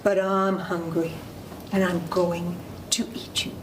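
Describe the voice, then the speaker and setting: A woman's voice: fairly low pitch, little pitch movement, slow, slight background noise, voice pushed down. A woman storyteller voicing a grumpy, smelly old male troll who growls his lines. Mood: growling. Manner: growling, bad-tempered.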